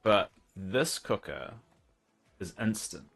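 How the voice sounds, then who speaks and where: A man's voice: fairly low pitch, animated, slow, vocal fry, fairly bright tone. A man with a New Zealand accent, casually chatting and teasing viewers while streaming a game. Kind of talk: casual live-stream chat while gaming.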